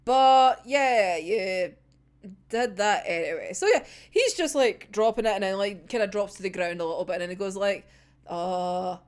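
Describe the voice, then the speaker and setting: Animated, swearing Scottish woman. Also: medium pitch, moderate pace, smooth. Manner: animated, swears freely, laughs often. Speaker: manga reaction host. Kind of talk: casual chapter recap.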